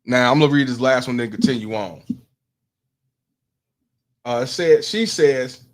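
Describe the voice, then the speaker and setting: A man's voice: mid-range voice, a little slow, pauses often. A man, hosting a commentary stream, blunt and profane, putting questions to his audience. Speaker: host.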